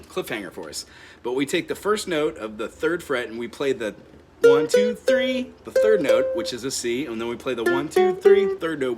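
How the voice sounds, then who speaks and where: A man teaching a ukulele lesson in a friendly way, counting beats aloud and explaining scales and chords. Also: medium pitch. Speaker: music teacher. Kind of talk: instrument lesson. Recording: ukulele playing behind the voice.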